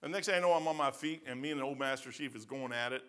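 This Midwestern-accented pastor races through a verse-by-verse sermon in a church sanctuary, his medium-pitched voice fairly bright. His delivery is folksy and emphatic, full of colloquial turns of phrase.

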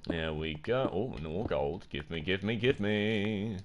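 Through a muffled recording with slight background noise, a young man from the United Kingdom streams gameplay live in a low, unhurried voice. He jokes around, talks to his chat, and lets out yelps when startled.

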